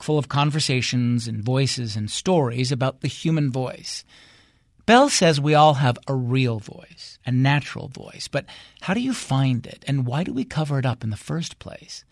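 A man hosting a public radio interview, asking measured, curious questions. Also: mid-range voice, no echo, studio quality. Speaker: radio show host.

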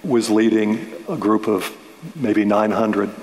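A man's voice: on the low side, fairly even intonation, takes it slowly, darkish tone. A man, a novelist, talking through his book in a thoughtful, detailed way, often restarting his sentences. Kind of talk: relaxed radio-style discussion. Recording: roomy with long reverb.

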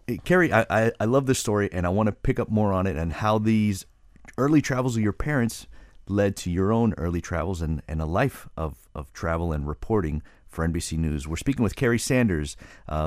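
A man's voice: sits low, expressive, a little fast, no echo, clean studio sound. A middle-aged man hosting a radio interview, asking engaged, curious questions in a conversational way. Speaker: radio show host.

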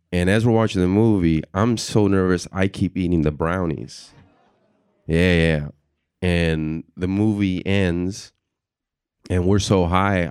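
Deep-voiced man telling a stand-up story. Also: clear, resonant tone, dry recording, clean studio sound. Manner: animated, acts out voices and reactions. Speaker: stand-up comedian.

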